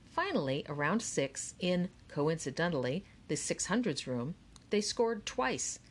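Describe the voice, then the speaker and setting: Lively low-voiced woman audiobook narrator. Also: measured pace, slight background noise. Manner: expressive, animated. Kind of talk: scripted narration.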